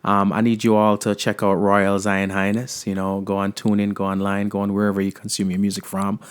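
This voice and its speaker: A man from Jamaica hosting a podcast, in a relaxed, friendly casual interview chat. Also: lowish voice, fairly quick, smooth. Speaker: podcast host.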